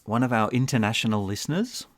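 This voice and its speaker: A man's voice: medium pitch, lively intonation, fast talker, no echo, clean studio sound. A man co-hosting an English-learning podcast, chatting casually and playfully, given to jokes. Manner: playful, jokes and does silly voices. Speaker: podcast co-host and English teacher.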